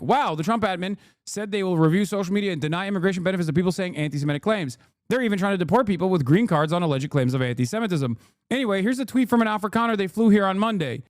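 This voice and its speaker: High, dry-voiced man mocking the news. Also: clean tone, no echo. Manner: mocking, profane and animated. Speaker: political streamer. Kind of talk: live political commentary.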